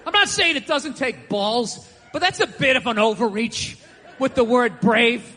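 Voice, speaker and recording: A man doing a stand-up comedy rant on a theater stage, sarcastic and profane, often shouting. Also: very high-pitched, lively intonation, a little slow. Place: theater stage before a live audience. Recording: long hall reverb with faint ambience.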